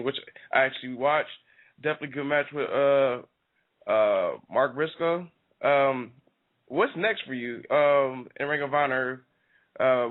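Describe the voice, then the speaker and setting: Male show host on a tinny line. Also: mid-range voice. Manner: hesitant, many fillers, slangy. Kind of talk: casual interview chat. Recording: tinny phone-like sound.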